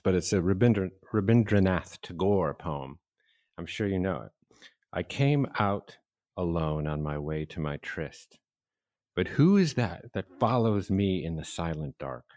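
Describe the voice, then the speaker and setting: A man hosting a podcast interview, soft-spoken and measured, reading a poem aloud. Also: deep voice, no echo. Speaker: podcast host. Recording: dry close sound.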